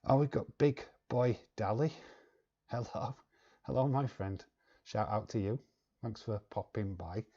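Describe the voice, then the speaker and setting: Low gravelly man with a London accent. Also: warm tone. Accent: London English. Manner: chatty, laughs often, fills pauses with humming. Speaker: wrestling live-stream host. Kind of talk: casual live-stream chat reading comments. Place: living room at home, lit by a video light. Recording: dull lo-fi stream audio.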